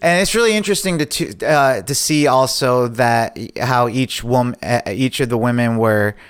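A man's voice: mid-range voice, moderate pace, clean tone. A man co-hosting a casual chat, speaking hesitantly with restarts and frequent agreement. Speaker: podcast co-host. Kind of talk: casual chat recapping a reality show.

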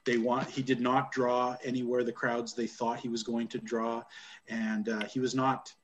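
A man's voice: medium pitch, level tone, normal speed. A man from Canada hosting a casual wrestling review podcast, blunt and sarcastic, often laughing at what he describes. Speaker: podcast host.

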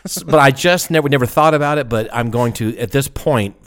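A man co-hosting a podcast, telling rambling stories in a relaxed, casual way and swearing freely. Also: mid-range voice, brisk, no room sound, studio quality. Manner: relaxed, profane, rambling storytelling. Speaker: podcast co-host.

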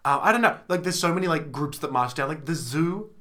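A man's voice: a little high, animated, a little fast, sharp tone. A young man co-hosting a casual podcast chat, rambling and giggling, slipping into playful silly voices. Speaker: podcast co-host.

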